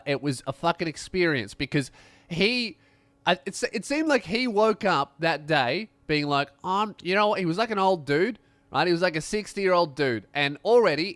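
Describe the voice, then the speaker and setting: A young man telling a comic story as a podcast host, animated and swearing, acting out other people's voices. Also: on the high side, no room sound.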